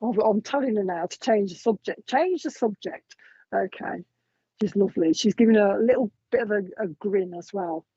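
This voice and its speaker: A woman's voice: medium pitch, moderate pace, warm tone, husky, no echo, highs cut off. A woman giving a live mediumship reading. She talks in a chatty, meandering way and passes along messages with frequent ums. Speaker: psychic medium.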